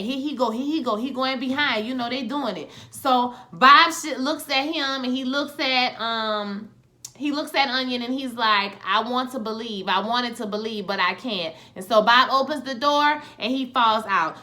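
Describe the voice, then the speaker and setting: A woman recapping a TV episode in a casual vlog, retelling scenes in animated, slangy talk and tossing in asides like "child" and "honey". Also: a little high. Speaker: TV episode reviewer.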